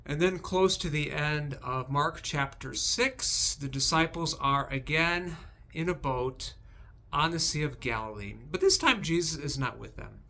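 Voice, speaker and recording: A man hosting a devotional video, recapping Bible passages with animated, emphatic storytelling. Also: a little high, unhurried, creaky.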